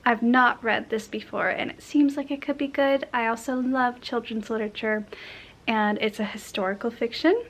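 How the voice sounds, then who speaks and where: A woman talking casually and softly in a cozy lifestyle vlog, at times dropping to a whisper. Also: on the high side, steady tone, normal speed, poor audio. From Portland area, United States. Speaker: vlogger.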